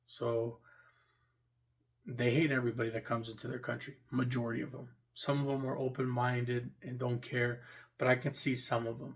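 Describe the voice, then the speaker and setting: Man, vlogger monologue, mid-pitched and gravelly, rambling and repetitive. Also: fairly bright tone. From United States. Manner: rambling and repetitive, restarts phrases. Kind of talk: casual opinion monologue.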